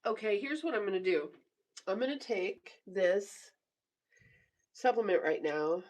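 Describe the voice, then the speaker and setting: A woman's voice: medium pitch, animated, measured pace, darkish tone, distant mic. A woman in her forties chatting casually on a live stream from her bedroom, teasing viewers and laughing often as she reads their comments. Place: home bedroom.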